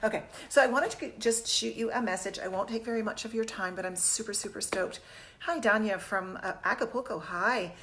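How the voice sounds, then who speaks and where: A woman's voice: medium pitch, brisk, a bit bright, a little hiss or hum. A woman in her fifties hosting a casual live stream from her home kitchen on a phone camera, chatty and upbeat, greeting viewers as she talks. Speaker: fitness host.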